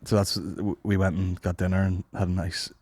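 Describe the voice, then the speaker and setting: A man's voice: sits low, flat delivery, moderate pace, a little mellow, no echo, clean studio sound. A man, telling crude stories in a rambling, casual way as a podcast co-host. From Northern Ireland. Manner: crude, rambling storyteller, swears a lot. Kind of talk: casual comedy chat.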